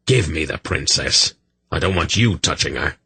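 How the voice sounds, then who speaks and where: Man voicing a quietly furious smith. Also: extremely low pitch, animated, moderate pace, breathy edge, dry recording, heavily acted. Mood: cold. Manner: dreadfully quiet, cold. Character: angry, betrayed male smith.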